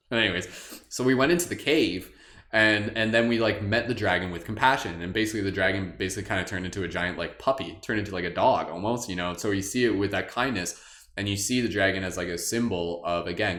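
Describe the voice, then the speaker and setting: Male meditation host, loose rambling livestream chat with a playful streak, low register, recorded in a reverberant room. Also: fairly bright tone. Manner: rambling, heavy use of "like"; playful, wondering.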